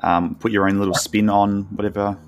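A man's voice: lowish voice, level tone, brisk. A man hosting an interview, asking questions casually and affirming often. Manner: casual, affirming, uses slang.

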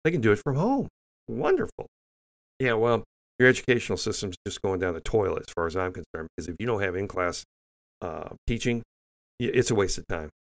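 An older man with a low, gravelly voice delivers opinionated news commentary. He is blunt and scornful, stumbling through restarts and fillers as he works through a list of stories. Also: big pitch swings, brisk. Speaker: commentary show host.

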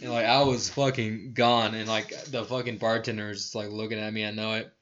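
Male podcast host, bright voice, rambling profane storytelling, dull lo-fi sound. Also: lowish voice, level tone, brisk, slight background noise. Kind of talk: casual chat.

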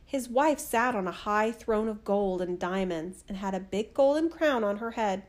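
A woman narrating a fairy tale in a steady, expressive reading. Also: mid-range voice, normal speed. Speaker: storyteller.

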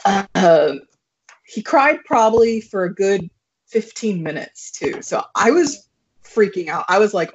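A young woman telling a story as a podcast guest, animated and laughing, with plenty of fillers. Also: medium pitch, a little slow, slight background noise. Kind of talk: casual storytelling. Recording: muffled lo-fi recording.

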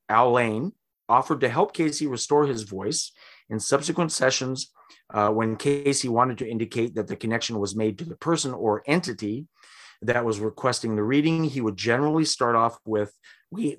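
A man telling a story on a casual podcast, mid-pitched and conversational. He gets animated and throws in exaggerated voices when he quotes people. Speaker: podcast host.

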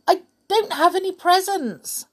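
A woman voicing a timid, gentle little storybook man with a soft, hesitant manner. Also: extremely high pitch, measured pace, pitched above the performer's own voice. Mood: worried.

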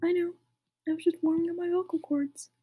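A woman voicing a gruff giant male groundskeeper in a mock-serious comic reading. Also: very high voice, little pitch movement, brisk, dark tone. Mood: deadpan.

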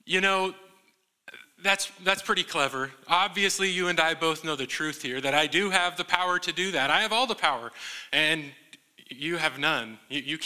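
A man voicing a calm, self-assured male savior in a relaxed, matter-of-fact way. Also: fairly high pitch, smooth.

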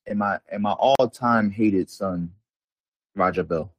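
A young man with a very low voice talks basketball on a podcast. He rambles casually, leans on slang and fillers, and sounds close and dry. There is little room sound around him. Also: slow, slightly rough, no echo. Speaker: podcast co-host. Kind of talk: casual sports chat.

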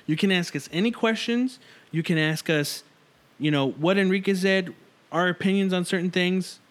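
A man's voice: high voice, moderate pace. A man hosting a casual gaming podcast in laid-back, joking banter. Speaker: podcast host.

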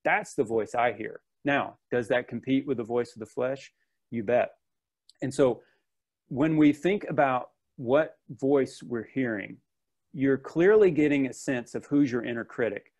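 A man's voice: medium pitch, unhurried, a little mellow. Earnest conversational male preacher. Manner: earnest, conversational with fillers and restarts. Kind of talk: sermon.

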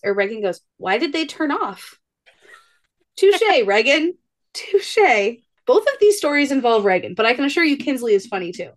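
Animated woman telling family stories. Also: mid-range voice. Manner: animated storyteller, acts out her kids' voices. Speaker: podcast co-host. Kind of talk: casual chat.

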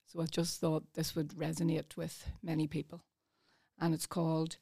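A woman reads a poem aloud with a mellow, fairly low voice. Her delivery is soft and earnest. She is recorded close on a studio microphone with a dry sound. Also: completely flat delivery, normal speed, gravelly, no room sound. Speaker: community volunteer reading a poem. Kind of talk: reading poetry aloud.

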